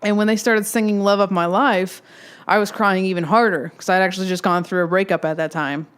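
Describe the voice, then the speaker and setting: A woman in her twenties hosting a casual solo podcast, telling a rambling, excitable fan story. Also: medium pitch, a little fast, clean tone. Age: 20s. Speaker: podcast host.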